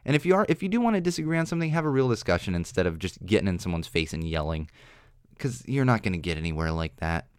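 A man's voice: sits low, sing-song, fast, smooth, no room sound, studio quality. A young man hosting a solo podcast, rambling with many restarts, earnest and exasperated. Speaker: podcast host. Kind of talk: solo opinion monologue. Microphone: studio microphone.

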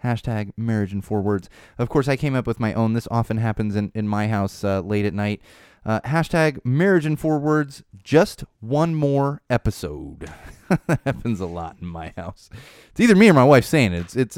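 Wry, rambling podcast host. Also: male voice, mid-range voice, clear, resonant tone, no room sound, clean studio sound. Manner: rambling, wry, animated, swears casually. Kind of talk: casual podcast monologue.

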